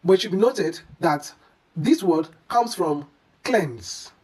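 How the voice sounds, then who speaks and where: An unhurried, breathy voice narrating a scripted pronunciation lesson. It explains each word with care and repeats the correct form several times. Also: medium pitch, lively intonation, darkish tone, low-quality recording. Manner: careful, deliberate explanations with repeated model words. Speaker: English pronunciation teacher.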